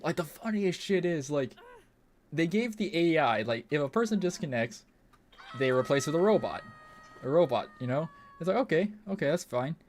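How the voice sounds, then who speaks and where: A young man rambles through a gaming stream, swearing freely and sounding baffled at everything. His pitch swings widely as he talks, rising and dipping with each complaint. He speaks casually into a desk mic. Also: expressive, moderate pace, darkish tone, a little hiss or hum. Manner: rambling, profane, incredulous.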